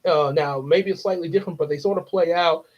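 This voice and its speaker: A man's voice: fairly high pitch, a little fast. A young man, hosting a casual livestream, rambling with frequent chuckles and fillers. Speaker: livestream host. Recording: dull lo-fi stream audio.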